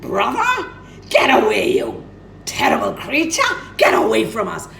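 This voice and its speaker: A woman's voice: a little high, wildly swooping pitch, unhurried, gravelly, a bit bright, reverberant, slight background noise, voice pushed up, full character voice. A woman voicing a hostile flock of peacocks with a harsh, squawking cry. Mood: scornful. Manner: shooing, scornful.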